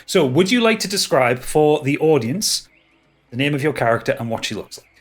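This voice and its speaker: A man narrating as game master, halting and restarting often. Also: fairly high pitch, sing-song.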